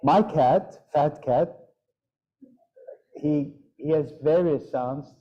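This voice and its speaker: A man leading a casual group discussion, talking in an animated way and imitating his pets' sounds. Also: a little high, very slow, muffled recording. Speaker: group leader.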